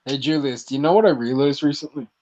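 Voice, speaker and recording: A man co-hosting a boxing chat, giving measured fight analysis and teasing his partner. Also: mid-range voice, dark tone, dull audio.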